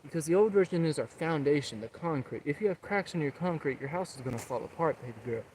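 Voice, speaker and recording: Young guy rambling earnestly outdoors, slightly high voice, faint outdoor noise behind. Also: lively intonation, fast talker, darkish tone. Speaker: vlogger. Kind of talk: casual motivational talk. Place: outdoors, public area.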